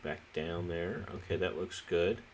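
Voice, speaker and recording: A man with a very low voice gives relaxed, halting commentary while he plays a city-building game, thinking aloud as he goes. He sounds a little sleepy, and faint noise sits under the recording. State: sleepy, yawning. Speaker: let's play host. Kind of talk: casual gameplay commentary.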